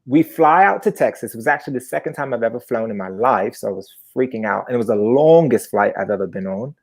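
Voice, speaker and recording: A man in his twenties telling a personal story live, chatty and animated, with sudden high-pitched bursts. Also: fast talker, gravelly.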